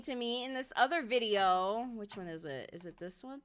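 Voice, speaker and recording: A young adult woman chatting casually on a live stream, excitable and quick to swear and laugh. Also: mid-range voice, smooth.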